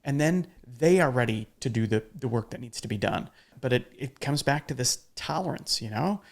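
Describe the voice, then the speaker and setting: A man's voice: mid-range voice, lively intonation, moderate pace, creaky. A man hosting a podcast in casual conversation, talking emphatically and bluntly, with the odd swear word. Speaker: podcast host.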